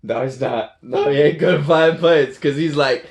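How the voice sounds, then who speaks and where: A man's voice: fairly high pitch, normal speed. A playful man rambling through a film recap. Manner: rambling, playful, laughs often, restarts. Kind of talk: casual movie recap.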